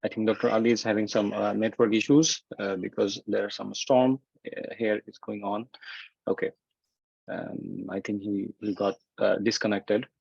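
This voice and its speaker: A man's voice: lowish voice, fairly even intonation, moderate pace, vocal fry, darkish tone, husky, no echo. A man hosting a casual interview over a video call, speaking plainly and steadily with brief affirmations. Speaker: host. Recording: dry, dull call audio.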